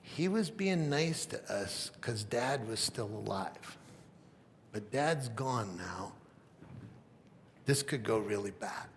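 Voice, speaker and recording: A man voicing a group of frightened grown brothers, speaking in a low, hushed, pleading way. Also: animated, takes it slowly, pauses often, a little hiss or hum. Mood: worried.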